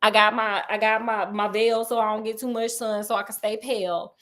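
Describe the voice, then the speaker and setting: A man's voice: high-pitched, little pitch movement, a little fast, pushed and bright. A woman voicing Sherlock Holmes as a paranoid man breezily waving off danger in modern slang. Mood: breezy.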